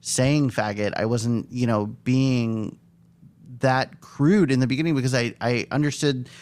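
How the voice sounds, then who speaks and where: A man's voice: medium pitch, fairly even intonation, measured pace, darkish tone. A man who does stand-up comedy, talking in an earnest, reflective way in a casual studio podcast chat.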